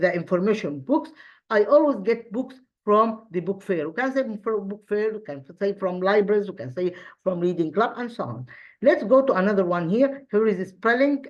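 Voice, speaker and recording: A woman teaching an English lesson, explaining slowly with frequent fillers and restarts and spelling out letters. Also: medium pitch, muffled recording. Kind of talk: online lesson review.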